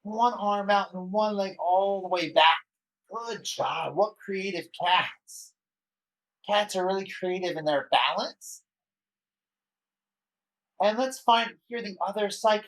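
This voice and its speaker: With an unhurried delivery and a high, fairly bright voice, a man guides children through a yoga story. He encourages them playfully and sprinkles in small sound effects.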